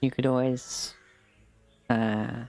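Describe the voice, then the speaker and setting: A man's voice: medium pitch, little pitch movement, slow, vocal fry, a little mellow. A man running an online tabletop game as game master, talking in an easygoing, chatty way over a voice call. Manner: easygoing, chatty, casual fillers.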